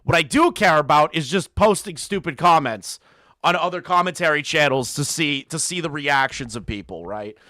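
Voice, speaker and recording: A man's voice: fairly high pitch, lively intonation, moderate pace, sharp tone, no echo, studio quality. A man hosting a commentary channel, ranting in a profane, mocking way and laughing between jabs.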